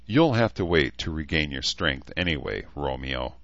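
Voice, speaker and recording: A man's voice: a bass voice, lively intonation, moderate pace, fairly bright tone, no room sound, highs cut off, exaggerated voice. A man voicing a blunt teasing young healer woman. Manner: teasing, scolding.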